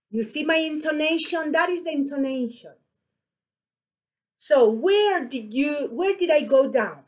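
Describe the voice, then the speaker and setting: A woman with an Ecuadorian Spanish accent teaches an online English class, speaking slowly and deliberately. Her voice sits somewhat high, and she repeats short phrases to model intonation. She comes across as a patient teacher. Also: lively intonation.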